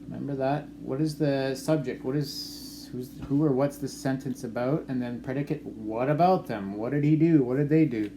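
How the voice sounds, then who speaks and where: A man from Canada, a teacher, reading sentences aloud for his students to write down, repeating each one slowly and explaining punctuation. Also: mid-range voice, noisy background. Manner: slow, clearly dictated phrasing, repeating sentences. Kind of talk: dictation lesson to students.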